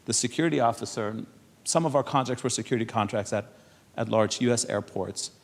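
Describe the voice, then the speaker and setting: A man from Europe speaking on a symposium panel. He tells stories in a lively way, acts out the people he quotes and turns earnest and persuasive. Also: medium pitch, a little fast, vocal fry. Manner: animated storyteller who acts out quoted exchanges. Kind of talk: storytelling talk at a symposium panel.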